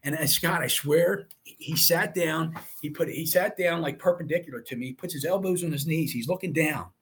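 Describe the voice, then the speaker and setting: A man's voice: fairly high pitch, fairly quick, fairly bright tone, slight background noise. A middle-aged man telling a personal story as an interview guest, earnest and emotional, often quoting what others said. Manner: earnest and emotional, retelling with quoted dialogue.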